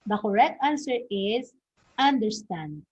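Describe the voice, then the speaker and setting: A woman's voice: medium pitch, a little slow, a little mellow, husky. A woman teacher, giving a recorded English lesson, sprinkling "okay" throughout and quizzing her listeners. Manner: peppers sentences with "okay", quizzes listeners with questions. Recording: dull lo-fi recording.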